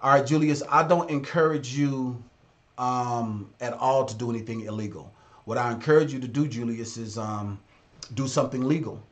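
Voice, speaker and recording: With medium pitch and fairly even intonation at a normal pace, a man hosts a laid-back live stream in his role as a business consultant, speaking to viewers in a blunt, direct manner.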